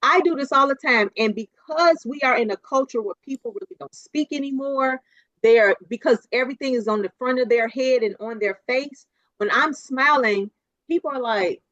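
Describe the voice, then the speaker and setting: A woman with a fairly high voice gives a motivational talk, lively and quick to laugh, repeating her points for emphasis. The sound is dry and a little dull, like video call audio. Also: no echo. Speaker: keynote speaker.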